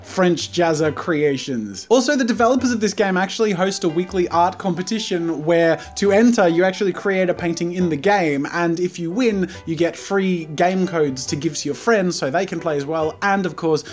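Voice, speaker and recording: High-voiced enthusiastic male game streamer. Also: faint music behind. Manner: enthusiastic, chatty, quick asides. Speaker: host. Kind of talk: game let's play commentary.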